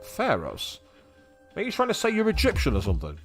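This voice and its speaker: A man's voice: high voice, huge pitch swings, fairly quick. A chatty English man with a slightly raised voice, giving sarcastic commentary as he plays through a video game. He reads the game's text aloud as he goes, with faint game music playing behind him. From England. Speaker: let's play gamer.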